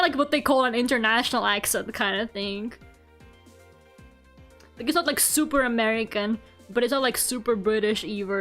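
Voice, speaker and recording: A woman streamer chats casually while she draws, her voice fairly high and a bit bright. She rambles, says "like" constantly, and giggles often.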